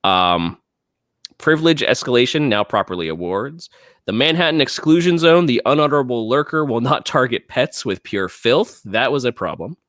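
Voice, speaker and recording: A man's voice: medium pitch, animated, normal speed, fairly bright tone, no room sound, studio quality. A man co-hosting a casual gaming podcast, reading patch notes aloud and chatting with frequent restarts. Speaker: podcast co-host.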